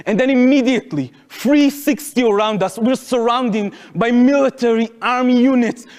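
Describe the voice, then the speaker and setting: A man's voice: very high voice, moderate pace. Israeli-accented young man in a reverberant hall. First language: Hebrew. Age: 20s. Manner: animated, acts out quotes, shouts at peaks. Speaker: speaker. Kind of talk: public talk, storytelling. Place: lecture hall.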